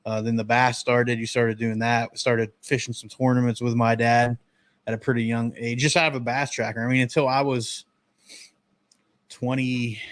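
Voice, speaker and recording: A man's voice: medium pitch, no room sound. A man in his thirties from the northern United States spins easygoing stories in a casual podcast chat. His voice sits in the middle of the male range. The recording is close and dry. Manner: relaxed storytelling, drawn-out memories. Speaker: podcast host.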